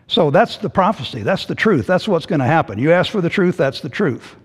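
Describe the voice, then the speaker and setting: A male pastor preaching a sermon, telling the story in an animated way and acting out the voices. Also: high voice, moderate pace, slightly rough. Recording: hall reverb.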